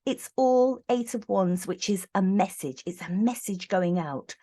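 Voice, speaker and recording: A woman's voice: medium pitch, measured pace, mellow. A middle-aged woman giving a casual, indignant tarot reading with sarcastic asides. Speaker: tarot reader.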